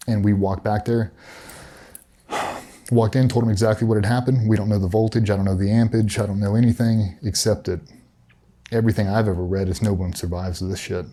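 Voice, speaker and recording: Middle-aged male guest, candid and profane storyteller, dark low voice. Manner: blunt, profane, matter-of-fact retelling. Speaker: interview guest, former special operations veteran.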